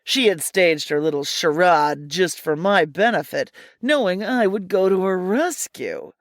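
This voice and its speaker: A woman narrating a hardboiled comic mystery story in a wry, deadpan, theatrical way. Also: on the low side, unhurried, dry recording, clean studio sound.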